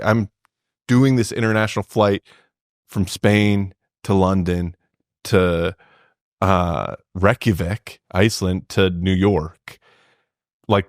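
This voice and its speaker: A man with a low voice tells a long, meandering story on a podcast, leaning on filler words as he goes. The sound is close and completely dry, with no room around it. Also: no echo. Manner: rambling storytelling full of "like" fillers. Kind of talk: casual podcast chat.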